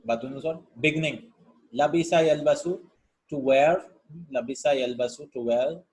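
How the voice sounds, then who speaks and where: A man's voice: a little high, normal speed, darkish tone, rough recording. A man teaching a language lesson in a casual, thinking-aloud way, reading words out one by one and checking in with "right?" as he goes. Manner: informal, thinks aloud, tags lines with "right?" and "yeah?"; reads each word, then glosses it. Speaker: Arabic teacher. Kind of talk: casual lesson explaining vocabulary and grammar.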